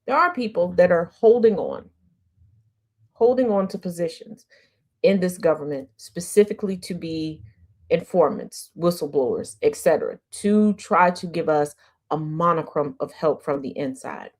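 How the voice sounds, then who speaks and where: A news commentary host with a lowish, slightly mellow voice keeps a moderate pace on her opinionated stream. Sassy and sarcastic, she hammers home her views with rhetorical questions and repetition.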